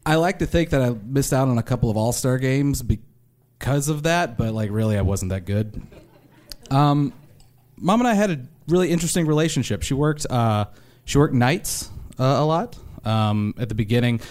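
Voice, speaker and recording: A young man from Arkansas, a stand-up comedian telling wry, self-deprecating stories with animated impressions. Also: mid-range voice, normal speed. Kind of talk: stand-up storytelling.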